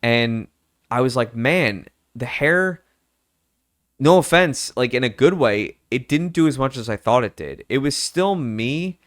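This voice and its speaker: Young guy rambling candidly to camera, mid-pitched, dead dry sound. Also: expressive, normal speed, dry recording. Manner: candid, rambling, lots of fillers and self-quotes. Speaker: vlogger. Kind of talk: personal casual chat.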